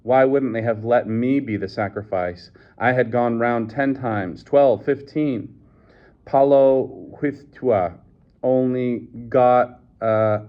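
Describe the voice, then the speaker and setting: A man's voice: mid-range voice, natural voice. A man reading aloud, voicing an earnest, emotional young man with an old-fashioned way of talking. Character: earnest, anguished young man raised apart. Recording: dull lo-fi recording.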